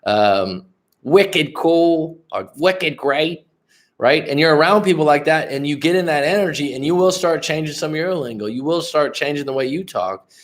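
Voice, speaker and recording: On a casual livestream, a male life coach talks quickly in a voice on the high side, barely pausing. He drifts from thought to thought, curses often, and keeps addressing chat viewers directly.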